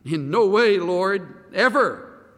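A man's voice: very high-pitched, big pitch swings, takes it slowly, sharp tone, long reverb tail, pitched above the performer's own voice, full character voice. A man voicing a proud, impulsive male disciple who protests emphatically. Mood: emphatic.

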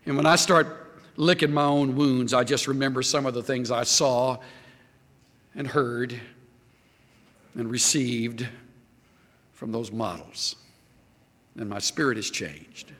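A man preaching a sermon as pastor, emphatic and lively, quoting scripture. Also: medium pitch, takes it slowly, long pauses, in a large hall.

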